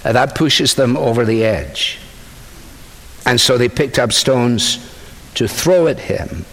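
A man's voice: medium pitch, slow pace, gravelly, a bit bright. A man preaching a sermon, explaining a passage in a conversational way with asides to his listeners. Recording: long hall reverb.

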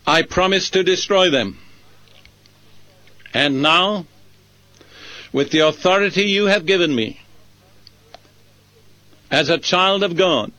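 Slow, solemn high-voiced preacher. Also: male voice, sharp tone, no room sound. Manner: slow, measured, solemn phrasing. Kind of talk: leading a spoken prayer.

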